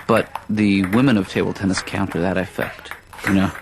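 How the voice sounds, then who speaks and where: A man voicing a mild, soft-spoken therapist and father in a cartoon, hesitant and dry. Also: low-pitched, fairly even intonation, normal speed. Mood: wound up. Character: mild-mannered male therapist and father, gently wry. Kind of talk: improvised cartoon dialogue. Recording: noisy hissy track.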